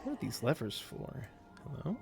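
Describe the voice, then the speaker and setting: A man's voice: mid-range voice, huge pitch swings, moderate pace, creaky, over music. A man streaming a game, chatting casually with viewers in a rambling, easygoing way while calling out what happens in play. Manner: rambling, easygoing, answers chat between game callouts.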